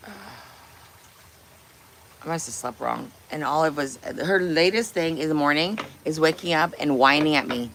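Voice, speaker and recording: A woman's voice: deep voice, measured pace, a little hiss or hum. A woman hosting a casual livestream from her kitchen, chatting bluntly with viewers and swearing freely. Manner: blunt, profane, teasing chat. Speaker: livestream host. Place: home kitchen.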